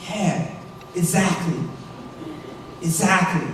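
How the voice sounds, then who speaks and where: A man with a very high voice delivers a fervent speech to a college audience and shouts to drive his points home. He stands well back from the microphone in a large auditorium with a long reverb and a faint hum. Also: expressive, moderate pace. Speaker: keynote speaker. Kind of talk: impassioned convocation speech. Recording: echoey hall, speaker far from mic, faint hum.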